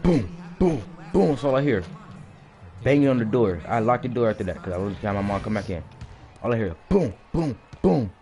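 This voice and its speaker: A man telling a personal story in a casual, animated way, often restarting his sentences and acting out the blows with sound words. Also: mid-range voice, fairly quick, a little hiss or hum.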